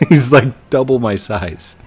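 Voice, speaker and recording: Male gaming host, playful and giggly, very animated pitch. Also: unhurried, a little hiss or hum. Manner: giggly and playful, often laughing. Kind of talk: casual gameplay chat.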